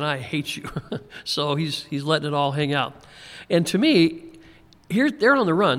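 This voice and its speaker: A man teaching a Bible passage verse by verse, in a relaxed conversational way with frequent chuckles and small restarts. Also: fairly high pitch. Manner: conversational, chuckles often, repeats words when restarting. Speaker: pastor. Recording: long hall reverb.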